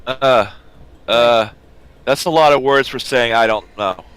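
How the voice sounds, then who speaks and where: A man's voice: mid-range voice, unhurried, a bit bright, clean tone, dry recording. A man co-hosting a casual chat, throwing in blunt wisecracks.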